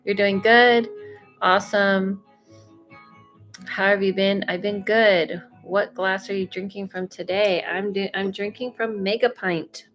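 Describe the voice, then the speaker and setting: A woman's voice: medium pitch, fairly even intonation, unhurried, a bit bright. A woman hosting a casual livestream as a psychic medium, chatting and reading viewer comments with lots of fillers and laughs, a little stuffy from allergies. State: slightly congested from allergies. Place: home, Los Angeles. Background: faint music.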